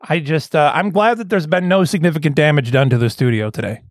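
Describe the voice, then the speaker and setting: A man hosting a casual comedy podcast, excitable, laughing often and restarting his sentences. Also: on the high side, fast talker. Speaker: podcast host.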